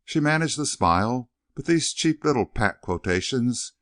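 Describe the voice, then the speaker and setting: A man narrating a western novel in an expressive storytelling manner, recorded close to the mic. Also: medium pitch, normal speed, no echo. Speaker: audiobook narrator.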